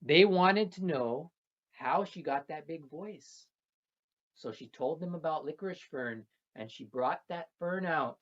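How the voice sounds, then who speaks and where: A storyteller speaking slowly and gently, repeating phrases while telling a traditional tale to children. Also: mid-range voice. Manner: slow, gentle and repetitive, with soft trailing phrases. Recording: dull lo-fi recording.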